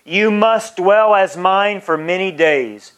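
Slow, emphatic male preacher. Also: high-pitched, a bit bright, smooth. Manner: reads scripture aloud with emphatic, drawn-out phrases. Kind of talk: sermon.

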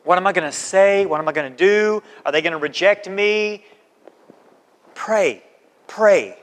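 A man with a high voice preaches a sermon, urging his listeners again and again and acting out little conversations as he goes. His voice rings out with a long reverb, as if in a large church hall. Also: fairly quick, a bit bright. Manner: exhorting, repetitive, acts out conversations. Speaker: pastor.

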